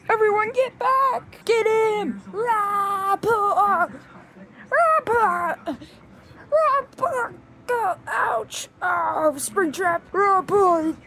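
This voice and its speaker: Very high-pitched woman playing with plushies, excitable, yells sound effects, slow and drawn out. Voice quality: excitable, switches between many character voices with shouted sound effects. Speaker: plush toy storyteller. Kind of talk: playful toy role-play narration.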